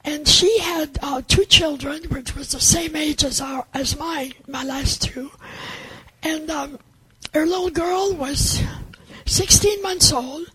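Older woman, earnest testimony, halting delivery, high-pitched. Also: bright, forceful tone, no echo, poor audio. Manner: halting, earnest storytelling with many restarts. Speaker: testimony speaker. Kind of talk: personal faith testimony.

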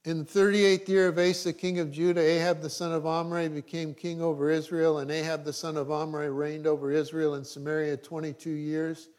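Man preaching a sermon, fairly high voice. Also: flat delivery, a little fast, hardly any pauses, a little mellow. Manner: preaching with asides and dry jokes. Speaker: pastor.

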